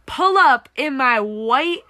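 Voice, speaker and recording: A teenage girl co-hosting a casual podcast, animated and giggly, talking in quick bursts. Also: high-pitched. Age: teens. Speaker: podcast co-host. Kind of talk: casual chat.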